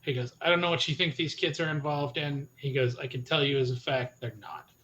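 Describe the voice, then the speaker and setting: A man's voice: fairly high pitch, fairly quick, fairly bright tone, muffled recording, a little hiss or hum. Man narrating as a tabletop storyteller. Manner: retells NPC speech with frequent "he goes". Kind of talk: narrating a tabletop game in character.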